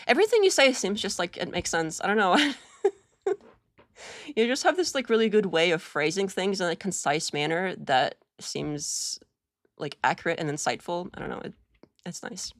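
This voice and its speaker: A woman's voice: fairly low pitch, animated, normal speed, dry recording. A woman from Russia, hosting a live stream and chatting casually in a rambling, hesitant way full of restarts. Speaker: streamer host.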